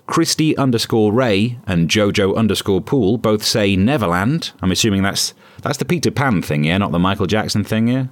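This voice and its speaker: A man delivers a scripted comedy news monologue in a lowish voice that swings widely in pitch. His asides are sarcastic and deadpan. The sound is close and dry, with no room around it. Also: normal speed, no echo. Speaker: podcast host.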